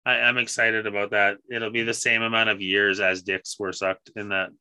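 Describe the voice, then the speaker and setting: A man's voice: lowish voice, flat delivery, normal speed, sharp tone, smooth, no echo. A man in his thirties co-hosting a podcast, talking in a laid-back way, laughing often and swearing casually. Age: 30s. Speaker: podcast co-host.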